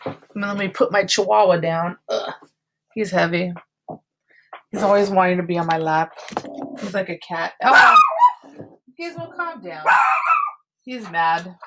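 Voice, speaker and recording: A woman's voice: lowish voice, steady tone, normal speed, long pauses, noisy background. A woman art teacher teaching an online class from home over a computer mic, explaining step by step with chatty asides. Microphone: computer mic on a video call.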